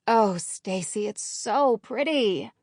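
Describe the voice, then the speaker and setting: A woman's voice: mid-range voice, animated, slow pace, a little mellow, no echo, studio quality. A woman narrator voicing a sweet, earnest young woman friend who gushes and slips into mock-formal speech.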